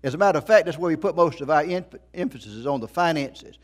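High-voiced preaching pastor. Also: male voice, expressive, fast talker. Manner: emphatic preaching with repeated phrases and rhetorical questions. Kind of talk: sermon.

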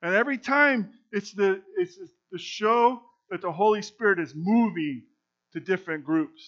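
A man's voice: high-pitched, moderate pace, fairly bright tone. A man preaching a conversational Bible teaching, explaining as he goes and now and then stumbling over his words, then reading scripture aloud. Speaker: pastor teaching a Bible study. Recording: dull lo-fi recording.

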